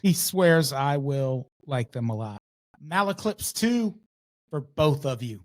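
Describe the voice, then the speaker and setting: Man, podcast co-host, mid pitch, easygoing, reads questions aloud. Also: animated, slow pace. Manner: laid-back, reads listener questions. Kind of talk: casual podcast chat.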